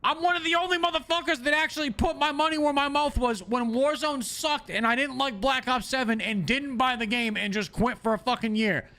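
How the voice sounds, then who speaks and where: A young man streaming a game, ranting in a fast, profane, stammering way. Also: extremely high pitch, sharp tone. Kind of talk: profane live-stream rant.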